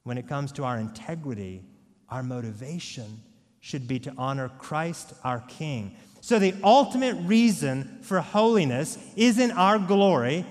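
A man's voice: a little high, expressive, a little slow, long reverb tail. A male pastor preaching a sermon, emphatic, asking his congregation rhetorical questions. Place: church.

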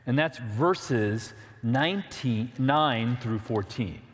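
A man's voice: medium pitch, animated, slow, long reverb tail. A man preaching a sermon, earnest and direct, asking the listeners questions and reading scripture aloud. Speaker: pastor.

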